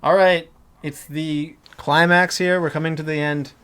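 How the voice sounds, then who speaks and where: A man's voice: fairly high pitch, flat delivery, a little slow, fairly bright tone, smooth. A man hosting a casual movie podcast roundtable, talking in a rambling way with many fillers and restarts. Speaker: podcast host.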